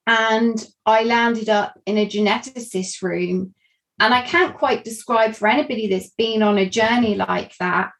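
A woman speaks in a fairly high voice. She talks candidly and earnestly about her own experience, reflecting as she goes and sometimes restarting a phrase. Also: measured pace, a bit bright, poor audio. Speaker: guest sharing a personal story. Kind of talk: candid personal storytelling.

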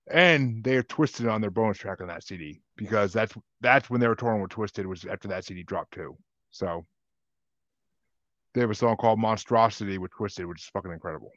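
A man's voice: on the low side, a bit bright, no room sound. A man hosting a podcast, chatting casually about albums with lots of detail and swearing. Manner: chatty, profane, detail-heavy music talk. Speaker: podcast host. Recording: dull lo-fi sound.

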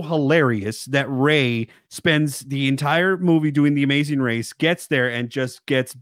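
A man's voice: mid-range voice, measured pace, few pauses, a bit bright, no room sound, clean studio sound. A man co-hosting a horror film podcast, talking casually and animatedly, laughing often and breaking into quoted voices. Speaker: podcast co-host. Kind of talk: casual chat.

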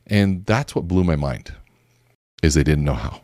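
Male communication coach with a very low voice and a dry, close sound, who teaches through animated stories. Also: a little slow, no room sound. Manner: lively storytelling, acts out both sides of conversations. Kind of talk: teaching talk with acted-out examples.

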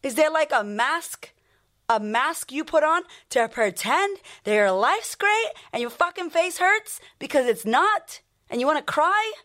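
High-voiced, blunt, profane woman coach. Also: lively intonation, a bit bright. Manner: rapid-fire rhetorical questions. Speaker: life coach and podcast host. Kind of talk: motivational podcast monologue.

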